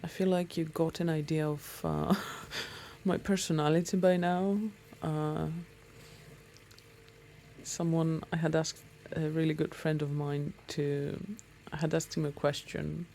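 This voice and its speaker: A woman's voice: sits low, flat delivery, a little slow, warm tone, a little hiss or hum. A woman talking casually to her viewers while out on a motorbike ride, chatty and rambling with many ums. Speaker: motorcycle vlogger. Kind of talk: casual talk to camera while riding.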